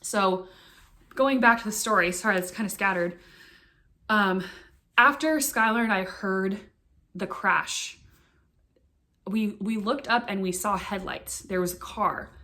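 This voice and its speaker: Young woman vlogger telling her story, earnest, halting, lots of likes and restarts, mid pitch. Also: pushed and bright. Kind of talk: personal storytelling to camera.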